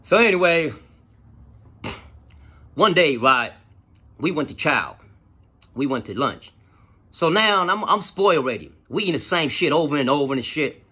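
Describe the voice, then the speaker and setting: Man, storyteller, profane, animated, bright, husky. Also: on the high side, a little slow, pauses often. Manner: profane, animated, lots of fillers. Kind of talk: casual personal storytelling.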